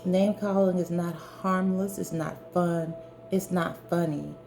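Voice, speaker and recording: A woman speaks in a mellow, warm tone, pressing her point with earnest, preachy repetition. Her delivery is direct and insistent, aimed straight at the listener. Faint music sits quietly under her voice. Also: fairly low pitch, fairly even intonation, unhurried, vocal fry. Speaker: spiritual wellness speaker. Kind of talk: direct-to-camera talk.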